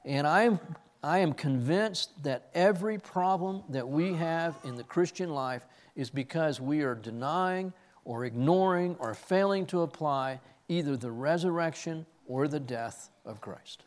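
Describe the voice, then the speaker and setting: Speaking at a measured pace in a slightly high voice, a pastor preaches an earnest expository sermon with a personal story woven in. He frequently repeats words as he reaches for the next ones.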